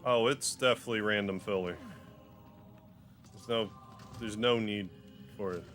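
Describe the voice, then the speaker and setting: A man with a fairly low voice chats loosely over live gameplay. He jokes, loses his train of thought and talks to his pets. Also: normal speed, a bit bright, soft background music. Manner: rambling, joking. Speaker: game streamer. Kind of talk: casual live gameplay commentary.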